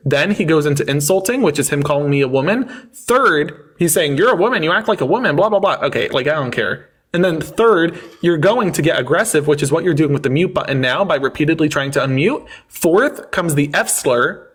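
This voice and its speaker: A man with a notably high voice hosts a heated live debate. He talks over his guest with mocking, rapid-fire rhetorical lists and barely pauses. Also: animated, husky. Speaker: livestream debate host.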